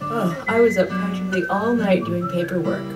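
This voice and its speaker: An actress playing a gentle young woman colleague in a video game, speaking softly and in a friendly way. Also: medium pitch, moderate pace, natural voice. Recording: distant game audio, loud guitar.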